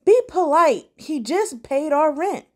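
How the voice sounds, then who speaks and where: A woman's voice: expressive, takes it slowly. A woman voicing a distraught middle-aged mother who pleads tearfully with her son. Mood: indignant. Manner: pleading, tearful, higher pitched.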